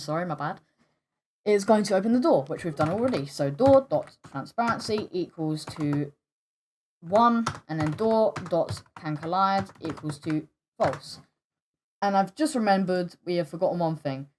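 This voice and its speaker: A young woman hosting a coding tutorial, hesitant and stumbling, often pausing with fillers and apologizing. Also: on the low side, a little mellow. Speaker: tutorial host. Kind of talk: screen-recorded coding tutorial.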